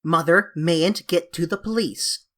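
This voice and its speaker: A woman's voice: lowish voice, measured pace, natural voice. A woman voicing an eager, coaxing young English girl who pleads dramatically, in a storybook reading. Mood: pleading.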